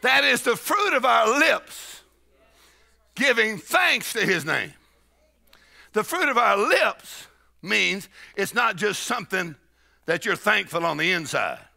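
A man preaches a charismatic sermon in a high, bright, gravelly voice that rises and falls widely. He talks folksy and slow, breaking into shouts and laughter. A congregation murmurs faintly behind him. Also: big pitch swings. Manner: shouting praise and bursting into laughter; folksy, with y'all and ain't. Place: church sanctuary with congregation.

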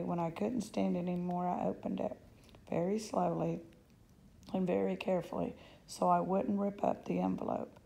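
A woman reading a children's novel aloud, lifting her voice for the young narrator's excited thoughts. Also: fairly low pitch, vocal fry, poor audio. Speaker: audiobook reader.

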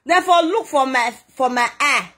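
A woman's voice: high-pitched, expressive, normal speed, a bit bright. A woman vlogger telling a story in Nigerian Pidgin, talking dramatically and emotionally, with a scolding edge. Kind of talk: animated gist monologue.

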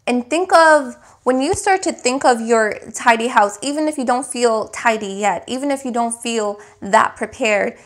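Woman tarot reader with a slightly high voice, unhurried and emphatic, coaching listeners through affirmations. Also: fairly bright tone. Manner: searching for words. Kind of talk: spiritual tarot reading.

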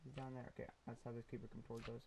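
Young dude doing minecraft commentary, middle pitch, talks to the mobs, lots of ums. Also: male voice, little pitch movement, very fast, background noise. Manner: rambling, talks to mobs and viewers, many ums. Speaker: gaming YouTuber. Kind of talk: casual Minecraft let's play commentary.

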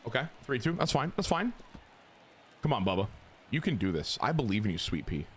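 A young man streaming a baseball video game, giving crude, excitable commentary that jumps into high squeals. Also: a little fast, slight background noise. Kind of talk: casual gameplay commentary.

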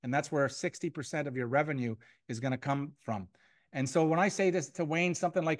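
Energetic man giving a sales training. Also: a little high, brisk. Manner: energetic and repetitive, acts out sample phone calls. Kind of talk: motivational training talk to a live audience. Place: room with an audience.

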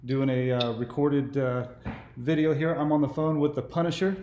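Host, man in his 40s from California, mid-pitched, relaxed and meandering in conversation, recorded with a roomy echo. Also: moderate pace, lo-fi sound. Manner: easygoing, meandering talk. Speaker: YouTube host. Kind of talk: casual phone conversation.

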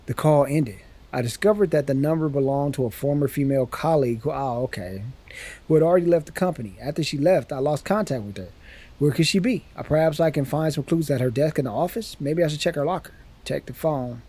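A man's voice: a little high, very animated, brisk, a little mellow, breathy edge. A man hosting a let's-play video, joking in slangy casual talk to his viewers and reading the game's text aloud as he plays. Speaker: gaming channel host.

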